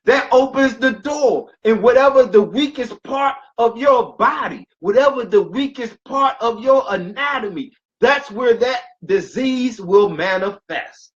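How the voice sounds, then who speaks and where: This is a man coaching on health and stress in a high voice with a slow, deliberate pace. He preaches in repeating phrases and bursts into loud emphasis. The recording sounds dull and lo-fi. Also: animated. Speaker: wellness coach. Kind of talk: motivational health talk.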